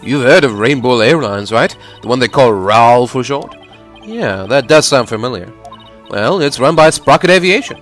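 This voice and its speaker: A man's voice: medium pitch, lively intonation, moderate pace, a bit bright, faint music behind, voice pushed down, natural voice. A man voicing a prim, formal young woman maid who speaks very politely. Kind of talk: fan voice-over of a video game.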